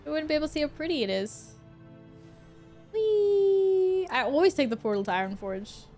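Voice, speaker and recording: A woman streams a game while chatting casually with her viewers, laughing often and swearing now and then. She talks rapid-fire in an animated, fairly high, darkish voice, with soft music in the background.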